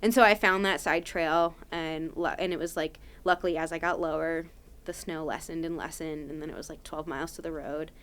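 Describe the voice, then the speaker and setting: A woman's voice: low-pitched, fairly even intonation, a little fast, a bit bright. A young adult woman, a podcast guest, telling a story casually and animatedly with lots of "like" fillers.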